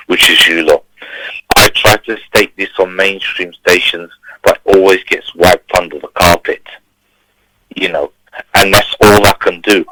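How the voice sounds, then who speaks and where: Deep-voiced guy calling in to a radio show, ranting hard and repeating his points. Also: bright, forceful tone, a little hiss or hum, low-quality recording. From Turkey. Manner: emphatic, repetitive, preachy. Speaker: caller. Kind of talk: impassioned phone-in rant.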